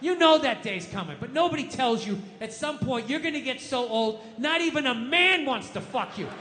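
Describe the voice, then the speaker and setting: A high-pitched, bright-voiced man rants through a stand-up set, swearing freely. His voice rings around a big hall with a faint room hum. He talks like a middle-aged comic working a live room. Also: animated, normal speed. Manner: ranting, profane, swings into shouted character voices. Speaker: stand-up comedian. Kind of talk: stand-up comedy. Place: comedy club stage before a live audience. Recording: roomy hall with faint ambience.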